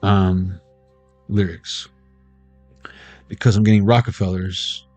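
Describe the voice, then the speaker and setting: A man with a low, steady, slightly dark voice speaks slowly over soft background music in a dry space. He gives a casual, rambling intuitive tarot reading, free-associating words aloud, laughing often and singing snatches of old songs.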